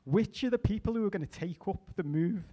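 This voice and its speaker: A middle-aged man performing a stand-up comedy set, chatty with deadpan asides and small restarts. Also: sits high, a little fast. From England.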